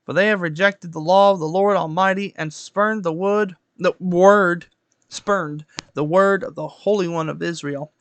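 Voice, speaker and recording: A man's voice: sits high, fairly even intonation, a little slow, a bit bright. A man streaming, reading a Bible passage aloud, stumbling over words and correcting himself as he goes.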